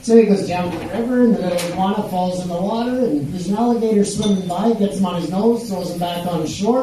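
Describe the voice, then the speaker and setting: A man's voice: high-pitched, fast, hardly any pauses, heavy reverb, recorded from a distance, slight background noise, rough recording. Rambling older man on a pub stage. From Canada. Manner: rambling deadpan delivery with many fillers. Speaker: stand-up comedian. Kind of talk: stand-up set.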